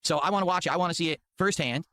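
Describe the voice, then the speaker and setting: Rapid-fire and a little high-voiced, a commentary show host mocks the clips he's reacting to, animated and full of rambling asides. The recording is studio quality with no echo.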